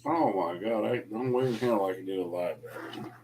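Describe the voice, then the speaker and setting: A man's voice: deep voice, moderate pace, darkish tone, a little hiss or hum. A man chatting as a guest on a late-night livestream, joking and ribbing the host. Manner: joking, teasing, playful. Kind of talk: casual late-night chat.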